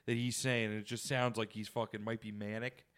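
A young man rambling through casual podcast banter, cursing freely and slipping into impressions of people he talks about. His voice sits a little low and comes across smooth and clear. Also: little pitch movement, fairly bright tone. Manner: rambling, profane, quick to mimic others. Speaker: podcast co-host.

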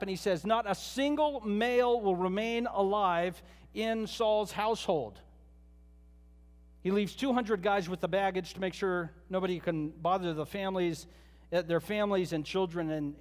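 Guy with a high voice giving a sermon, chatty storytelling, lots of reverb. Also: unhurried. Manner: conversational storytelling, retelling scripture with asides. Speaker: pastor.

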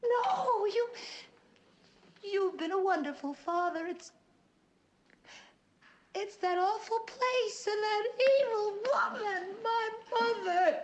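A woman's voice: very high voice, slow pace, long pauses. An actress playing a distraught young woman reliving a childhood terror, in a tearful, melodramatic monologue from an old stagey film. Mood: anguished, sobbing. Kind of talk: 1950s stagey film acting.

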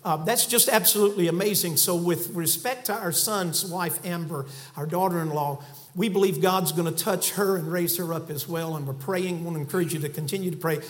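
Man, high-pitched voice, sermon from a church pulpit, folksy, fervent. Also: fairly quick. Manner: folksy storytelling, building to fervent emphasis. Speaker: guest preacher.

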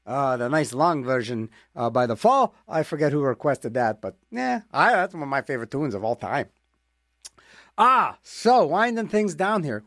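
A man's voice: on the high side, very animated, normal speed, fairly bright tone, no room sound, clean studio sound. A man hosting a request radio show, talking in a rambling, jokey way with self-mocking asides. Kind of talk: casual radio DJ patter.

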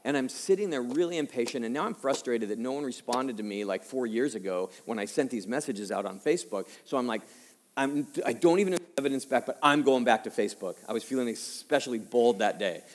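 A male pastor in his fifties preaching a personal-story sermon conversationally, dropping quiet and slow for heavy moments and rising for emphasis. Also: mid-range voice, animated. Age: 50s. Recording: long hall reverb.

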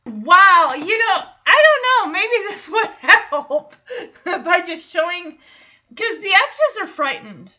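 A woman's voice: extremely high pitch, animated, takes it slowly, pushed and bright, dull audio. A woman hosting a podcast, recapping a TV episode in a chatty, amused way with frequent laughter. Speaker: podcast host.

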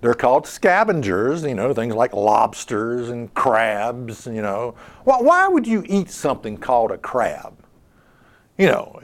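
Guy preaching, high voice jumping all over, keeps repeating himself and asking the crowd stuff. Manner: animated, rhetorical questions, repeats words. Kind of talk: sermon.

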